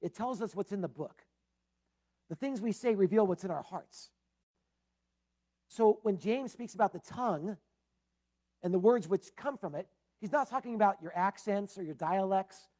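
A man's voice: high-pitched, expressive, normal speed, long pauses, dark tone. Middle-aged male pastor, easygoing teaching sermon, plain-spoken with chatty asides. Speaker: preacher. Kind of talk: conversational Bible-teaching sermon.

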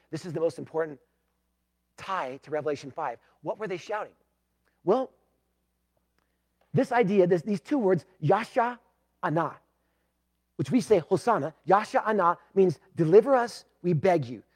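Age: adult. Sex: man. Pitch: high. Style: sermon, emphatic with loud and hushed swings. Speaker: pastor.

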